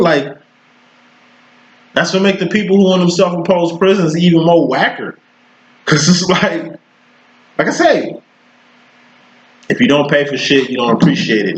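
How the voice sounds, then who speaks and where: A man's voice: medium pitch, slight background noise, rough recording. Profane, rambling man reading tarot. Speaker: tarot reader. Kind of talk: casual tarot reading monologue.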